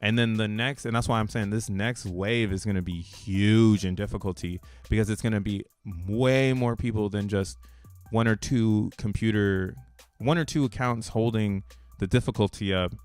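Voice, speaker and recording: Over soft background music, a man with a fairly low, slightly mellow voice talks at a moderate pace in a dry recording. Hosting a crypto channel, he rambles casually and slangily over a chart, laughing between points and often restarting his sentences partway through.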